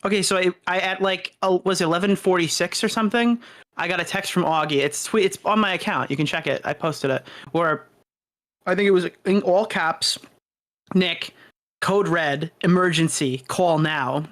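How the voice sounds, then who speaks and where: A man calling in to a stream who tells a story in a rambling, excited way, full of swearing and exaggeration. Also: high-pitched, fairly quick. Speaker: call-in guest. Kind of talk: casual storytelling on a call. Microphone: voice call.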